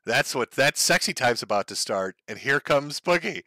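A man's voice: medium pitch, lively intonation, moderate pace, pushed and bright, dry recording. A man hosting a stream, giving mocking commentary over clips and laughing often. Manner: laughs often, sneering and gleeful. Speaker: streamer host.

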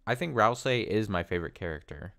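A man giving casual, excitable game commentary as a let's play host, with laughs and quick asides. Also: fairly low pitch, gravelly. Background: game music.

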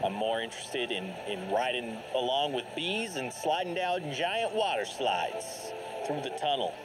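A man giving lively, jokey commentary while playing a video game, reacting aloud and laughing often. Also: mid-range voice, a little slow. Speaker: gameplay commentator. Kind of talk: let's play commentary. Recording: game music playing behind. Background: game music.

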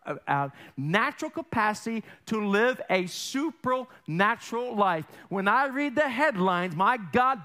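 An animated male pastor delivers a sermon from a church platform. His voice sits high for a man and leaps all over the place, swinging between hushed asides and bright bursts. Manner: animated, acts out family voices in quotes. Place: church sanctuary.

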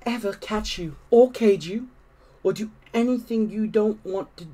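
A man voicing an excited young girl in a storybook read-aloud, talking in a high, hushed whisper. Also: a little slow. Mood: eager.

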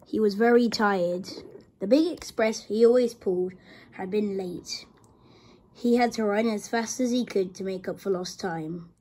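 A woman reading a children's story aloud in a slow, gentle storybook manner. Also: medium pitch, breathy edge.

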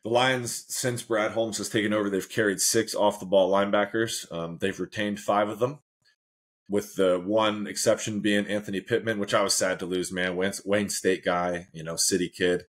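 A man's voice: on the low side, steady tone, normal speed. A man co-hosting a casual sports chat, laid-back, laughing often and saying "man" a lot. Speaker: co-host.

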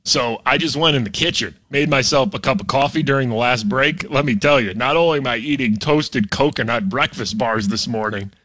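A man with a bright, forceful voice hosts a morning radio show from his home and keeps breaking into cough-laden chatter. The sound is close and dry, and he shifts into mock promo announcing as he jokes. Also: medium pitch, a little fast, hardly any pauses, dry recording. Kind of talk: casual radio chat from home.

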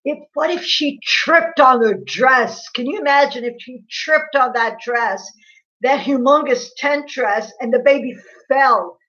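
A woman chats casually on her livestream in a fairly high voice. She gossips, laughs, and answers viewers by name. The audio is dull and lo-fi, as from a built-in mic. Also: unhurried, bright, forceful tone. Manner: gossipy, laughing, reads viewer comments aloud. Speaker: livestream host.

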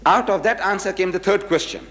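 With a voice that sits high, a little fast and a bit bright, an older man lectures an audience on religion in a big-room sound. He tells anecdotes and acts out the voices of the people in them.

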